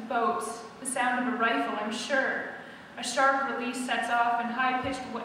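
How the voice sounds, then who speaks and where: A woman's voice: fairly high pitch, pushed and bright, a little hiss or hum. A woman author at a live event, chatting to introduce her novel, then reading a first-person scene aloud. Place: opera centre hall, live event. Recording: echoey hall from far off.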